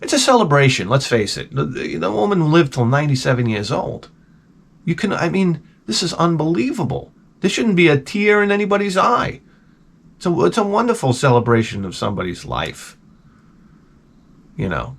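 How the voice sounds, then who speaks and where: In a casual storytelling vlog, a man in his forties rambles wryly and profanely through his tales. He speaks at a moderate pace in a slightly high, sing-song, creaky voice.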